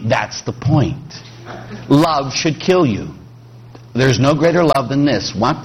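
A man's voice: mid-range voice, slow pace, husky. A middle-aged man from Pittsburgh, a priest preaching a sermon with jokes, acting out quoted voices. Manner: animated, joking, acts out quoted voices.

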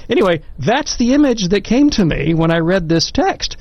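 A man's voice: sits high, sing-song, normal speed. A man on a discussion show, telling a self-deprecating anecdote in a conversational way and then moving into commentary. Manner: storytelling, self-deprecating, acts out quoted voices. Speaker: panelist on a Catholic discussion show. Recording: dull, muffled, dry recording.

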